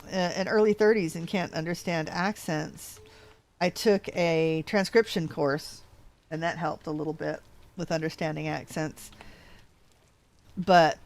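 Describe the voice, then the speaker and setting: An older American woman from the West Coast with a slight Texas drawl, chatting casually and rambling a little as she hosts a gameplay video from her home. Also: fairly low pitch. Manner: rambling, chatty, self-correcting. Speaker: let's play host. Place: home, living in Georgia.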